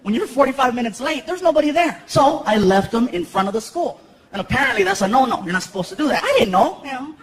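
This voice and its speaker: Man in his thirties, very high voice, animated stand-up storytelling, loud crowd, echoey hall. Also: fast talker. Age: 30s. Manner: animated, lots of character voices and shouted punchlines. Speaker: stand-up comedian. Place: large theater stage. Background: audience laughter and crowd noise.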